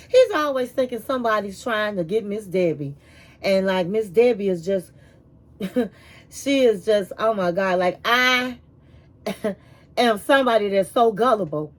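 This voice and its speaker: A woman hosting a casual reality TV recap, telling the story in a chatty, animated way with asides like "honey". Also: medium pitch, unhurried, pauses often.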